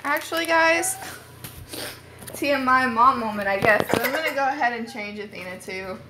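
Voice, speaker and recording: A woman's voice: fairly high pitch, lively intonation, normal speed, noisy background. A young woman hosting a casual live stream from home on her phone, rambling and chatty with lots of "like" fillers.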